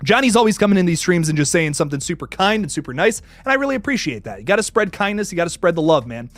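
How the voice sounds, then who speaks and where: A young man hosts a casual livestream, chatting with viewers in a high, bouncy voice that swings widely in pitch. He laughs a lot, restarts his sentences and curses casually. The sound is dry and close, with faint music behind him. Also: racing, dry recording. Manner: excitable, laughs often, stammers and restarts, swears casually. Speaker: livestream host. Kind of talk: casual live chat reading viewer messages.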